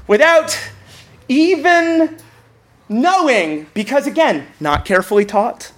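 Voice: medium pitch, big pitch swings, moderate pace, fairly bright tone. A speaker telling a comic personal story, self-mocking, laughing while telling and often stammering into restarts.

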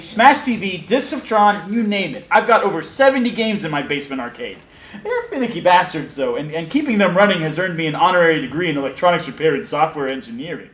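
A man's voice: high-pitched, reverberant. A young man narrating his own story in a comic audio drama, sardonic and crude, often chuckling. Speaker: narrator and lead actor.

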